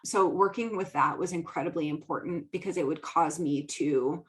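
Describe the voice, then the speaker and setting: A woman's voice: deep voice, moderate pace. A young adult woman hosting her own podcast, chatting casually and laughing often, with lots of "like". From American Midwest. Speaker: podcast host and business coach. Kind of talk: casual solo talk.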